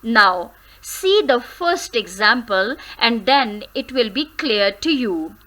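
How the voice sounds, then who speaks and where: Slow, bright-voiced woman teaching grammar. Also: a little high, expressive, low-quality recording. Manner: slow, careful syllable-by-syllable drilling; switches briefly into Hindi. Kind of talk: grammar lesson.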